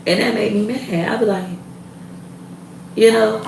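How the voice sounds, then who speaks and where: A woman's voice: mid-range voice, steady tone, a little slow, gravelly, reverberant, distant mic, slight background noise, poor audio. A woman in her thirties ranting to camera in a blunt, heated, profane way. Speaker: vlogger. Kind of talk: casual rant to camera.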